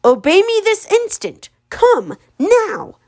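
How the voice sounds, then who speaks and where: A woman's voice: very high voice, wildly swooping pitch, slow, darkish tone, voice pushed up, full character voice. A woman reading aloud, voicing a cruel male ogre who hisses his commands. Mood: commanding. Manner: hissing, commanding.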